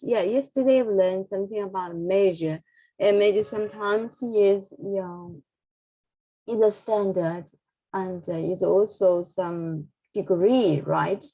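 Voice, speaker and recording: A woman's voice: mid-range voice, warm tone, lo-fi sound. A woman teaching an English lesson, drilling pronunciation with many repetitions and fillers. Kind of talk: online English lesson with Buddhist prayer.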